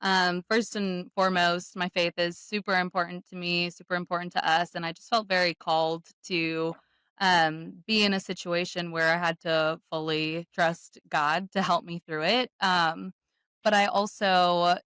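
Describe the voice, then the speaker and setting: Young woman, animated storytelling. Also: fairly low pitch, clean tone, dry recording. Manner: quick, animated storytelling with laughter. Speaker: podcast guest, new mother. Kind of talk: casual interview chat.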